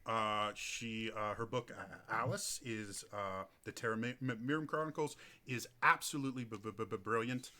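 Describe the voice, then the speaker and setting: A man's voice: medium pitch, steady tone, moderate pace, few pauses, pushed and bright. A man hosting a casual podcast, stuttering often on the first sounds of words. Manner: heavy stutter on word starts. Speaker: podcast host.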